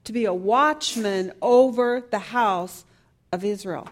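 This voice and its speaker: A woman's voice: medium pitch, slow pace. A woman teaching a Bible study class, earnestly asking the group question after question.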